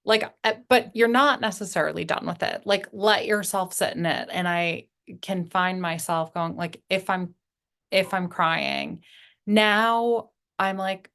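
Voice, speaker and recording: Mid-pitched woman thinking out loud on a podcast, slow and halting. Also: clean tone. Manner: reflective and halting, pausing mid-thought. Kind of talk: casual spiritual podcast chat.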